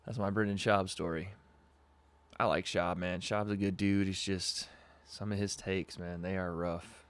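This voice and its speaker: Low, flat-voiced laid-back young man. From Southern California. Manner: laid-back, rambling with frequent fillers and laughs. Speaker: podcast host. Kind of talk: casual livestream storytelling. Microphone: webcam.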